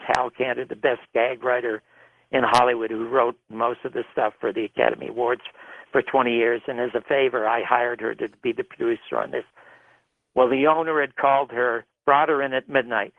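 A man recounting his time producing a television show, animated, and acting out the arguments he quotes. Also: medium pitch, vocal fry, no room sound. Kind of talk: recounting a story in an interview. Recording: tinny phone-line radio sound.

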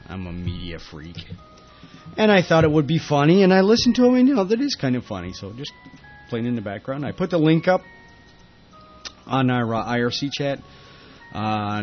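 A man's voice: medium pitch, muffled recording. A man hosting a casual tech podcast, rambling and laughing with many fillers. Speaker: podcast host. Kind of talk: casual tech show chat.

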